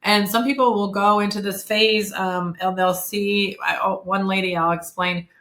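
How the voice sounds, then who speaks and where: A woman in her fifties talking as a podcast guest, candid and chatty, often pausing on fillers and correcting herself mid-sentence. Her voice sits in a middle pitch and is recorded in a noticeably echoey room. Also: steady tone, creaky, fairly bright tone. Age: 50s. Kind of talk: casual conversational interview.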